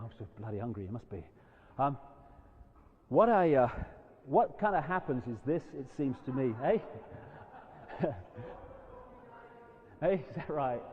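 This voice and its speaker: Emphatic man lecturing in a hall. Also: fairly high pitch. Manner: animated and emphatic, jumping between loud outbursts and quiet asides. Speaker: public speaker. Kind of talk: live lecture to an audience. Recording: dull echoey hall recording.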